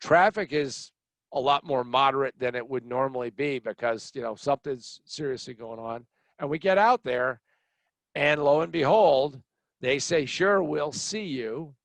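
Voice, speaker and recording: A middle-aged man tells a personal story with blunt, animated energy, slipping into other people's voices as he recounts what they said. His voice sits at an ordinary male pitch and is recorded close and dry, with no room sound behind it. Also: moderate pace, dry recording. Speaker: podcast host telling a personal story. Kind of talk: storytelling monologue.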